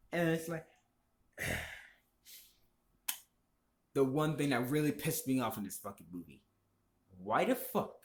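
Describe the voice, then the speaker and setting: A man ranting casually about movies, heated and profane, rambling from point to point. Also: medium pitch. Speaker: vlogger. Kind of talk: casual opinion rant. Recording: echoey room.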